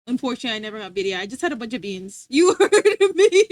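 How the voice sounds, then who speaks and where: A woman's voice: on the high side, fast talker, no room sound. A young adult woman streaming live, giggling often as she chats casually with her viewers. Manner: giggly, animated, chatty. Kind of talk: casual chat reading live chat. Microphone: streaming mic.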